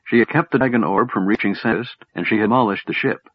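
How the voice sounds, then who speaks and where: A man reading a fantasy novel aloud as a narrator, in a measured storytelling manner. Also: fairly low pitch, slightly rough, no echo. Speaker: audiobook narrator. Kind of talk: scripted narration with character voices. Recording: dull, lo-fi, dry sound.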